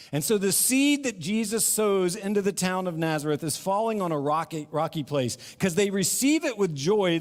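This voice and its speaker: A middle-aged man preaching a sermon in a church, animated and acting out the crowd's questions. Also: sits high, moderate pace, hardly any pauses. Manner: animated, acts out crowd voices, laughs between points. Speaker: pastor. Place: church sanctuary. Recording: long reverb of a hall.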